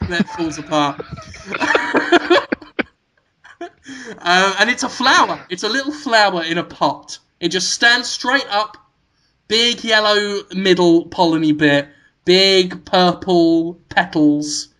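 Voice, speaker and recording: A man, a podcast co-host pitching a silly movie idea to his friends in rambling storytelling style, laughing at his own jokes. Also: unhurried, sharp tone. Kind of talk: comic movie pitch to co-hosts.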